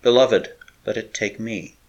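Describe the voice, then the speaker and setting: A man's voice: a little high, wildly swooping pitch, slow, muffled recording, pitched above the performer's own voice, exaggerated voice. A man voicing a frightened, pleading young wife.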